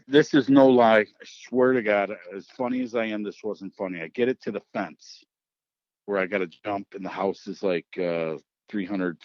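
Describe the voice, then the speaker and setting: A middle-aged man from Wisconsin spins a wild tale in loose, animated chat, swearing freely and acting out every line of dialogue. His voice sits a little low, and the dry recording sounds slightly muffled. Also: no room sound. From Wisconsin, United States. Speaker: podcast host. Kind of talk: casual storytelling.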